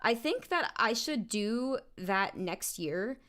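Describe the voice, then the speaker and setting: Between vocal takes in her home studio, a woman singer chats on a condenser mic, her voice high, a bit bright, lively in intonation and slow-paced. She thinks aloud with plenty of fillers, sounding phlegmy in the morning.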